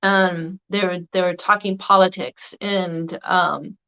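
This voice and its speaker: A woman's voice: lowish voice, fairly even intonation, takes it slowly, pushed and bright, smooth. A woman vlogger recording a casual video response, rambling along with a slightly crackly voice. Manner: rambling, meandering delivery. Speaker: video blogger. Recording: dull lo-fi recording.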